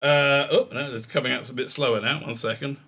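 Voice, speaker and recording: A man's voice: medium pitch, steady tone, a little fast, sharp tone. A man delivering a sarcastic, mocking video commentary rant, laughing often and stumbling over fillers. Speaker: YouTube commentator.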